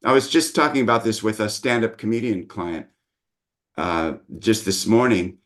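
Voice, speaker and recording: A man's voice: lowish voice, expressive, normal speed, a bit bright. A middle-aged man, a dialect coach, patiently explaining his teaching methods in an interview.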